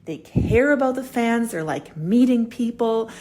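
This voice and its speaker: A woman in her thirties hosting a casual solo podcast, animated and swearing freely as she acts out quoted conversations. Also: fairly high pitch, unhurried. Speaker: podcast host.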